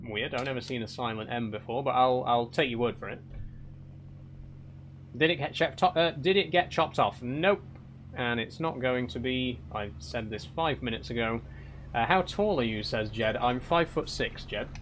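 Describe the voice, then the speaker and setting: A young man answers his live chat in a dry, rambling way, and often feigns exasperation. His voice sits at an everyday middle pitch. Faint game engine noise hums behind him. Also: normal speed, a bit bright. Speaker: streamer reading live chat. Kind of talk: casual live-stream chat while driving a truck game.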